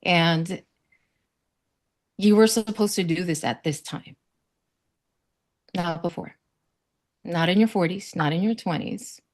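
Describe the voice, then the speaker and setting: Woman from south florida, lower voice, earnest faith talk, acts out the quotes. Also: takes it slowly, long pauses, a little mellow. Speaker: summit panelist. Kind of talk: casual panel conversation.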